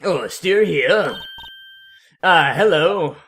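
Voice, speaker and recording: A man's voice: on the high side, expressive, drawn-out words, a bit bright, slight background noise, heavily acted. Man putting on a perky teasing young woman. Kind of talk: let's play voice acting.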